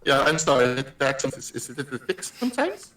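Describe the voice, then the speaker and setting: A man's voice: mid-range voice, big pitch swings, fast, sharp tone. A man acting as game master, easygoing and conversational, on an online call. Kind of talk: running a tabletop game.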